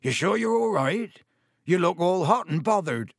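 A man voicing a huge, big-hearted gamekeeper who talks in a loud, hearty, folksy way. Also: sits high, animated, moderate pace, creaky, no echo, clean studio sound, voice pushed up, heavily acted. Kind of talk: audiobook character voice.

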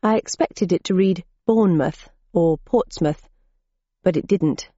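A woman's voice: fairly low pitch, a little slow, warm tone, husky, no room sound, lo-fi sound. A woman reading a first-person audiobook in a wry, dry, observant manner. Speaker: audiobook narrator.

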